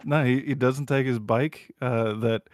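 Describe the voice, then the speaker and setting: A man casually recounting a TV scene on a podcast, animated and profane, swearing freely. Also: medium pitch, a little slow, dry recording, studio quality. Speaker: podcast host. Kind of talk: casual chat, retelling a show scene.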